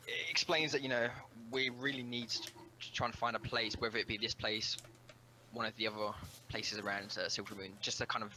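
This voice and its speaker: A man's voice: on the low side, sharp tone, a little hiss or hum, poor audio. A man playing in a tabletop role-playing game, explaining at length and filling his speech with "like" and "you know". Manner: rambling, lots of "like" and "you know". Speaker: player. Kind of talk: tabletop role-play chat.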